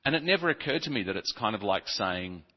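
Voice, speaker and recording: A man preaching a sermon, telling funny childhood stories with some stumbles and speaking softly in the reflective passages. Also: fairly low pitch, fast talker, breathy edge. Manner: humorous, animated storytelling with stumbles. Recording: dull, reverberant hall recording.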